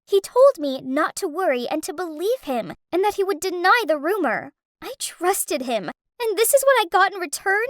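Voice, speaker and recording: A woman narrating an animated story in the first person, emotional and dramatic, on a close studio mic. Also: high voice, moderate pace, dry recording.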